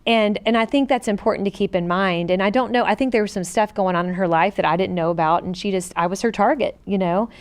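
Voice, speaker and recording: Co-host, middle-aged woman: earnest, animated storyteller with a smooth, clear voice. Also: mid-range voice, fast, hardly any pauses. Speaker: podcast co-host. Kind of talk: personal storytelling in a casual chat.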